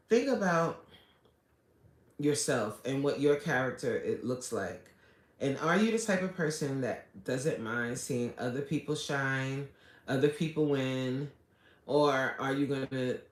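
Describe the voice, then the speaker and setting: An adult livestreamer chatting casually with viewers, greeting them by name and pleading for subscribers. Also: mid-range voice. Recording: echoey room.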